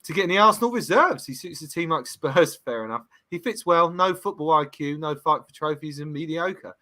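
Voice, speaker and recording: A man's voice: fairly high pitch, fairly quick. A man hosting a casual football comedy podcast, teasing his co-hosts and telling stories with lots of laughter. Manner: laughing, teasing, animated storytelling. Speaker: podcast host.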